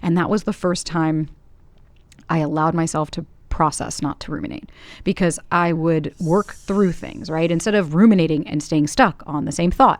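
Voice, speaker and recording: A woman's voice: low-pitched, steady tone, moderate pace, dry recording. A woman coach in a casual podcast conversation, talking animatedly, swearing casually and acting out her inner voice with rhetorical questions. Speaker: guest coach.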